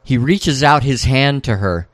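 A man's voice: expressive, a little slow, no room sound, clean studio sound. A man co-hosting a podcast, casually recapping scenes and reading out the characters' lines. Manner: recounts scenes, reading out quoted dialogue with raised pitch. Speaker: podcast co-host.

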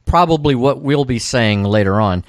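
A man on a podcast recaps scene after scene in a steady, casual way. His voice sits in a middle range. The close mic sounds dry, with no room sound. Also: medium pitch, moderate pace, dry recording. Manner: steady play-by-play retelling of scenes. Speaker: podcast co-host.

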